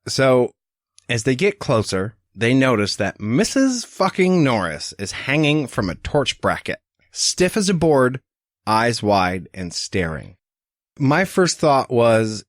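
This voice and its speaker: Animated swearing male podcast co-host. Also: mid-range voice, slow, no echo, clean studio sound. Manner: animated, profane, acts out quotes. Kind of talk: casual book-discussion chat.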